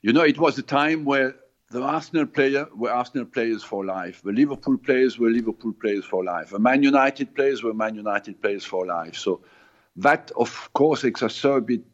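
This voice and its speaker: A man whose first language is not English, a former football manager answering radio interview questions slowly, with many pauses and fillers. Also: mid-range voice. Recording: muffled lo-fi line.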